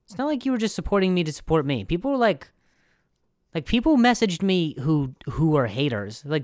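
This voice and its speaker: A man's voice: fairly high pitch, big pitch swings, a little fast, darkish tone, dry recording. Young guy doing a rambly sarcastic comedy monologue, dry close sound. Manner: rambling, sarcastic, with many restarts. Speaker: podcast host.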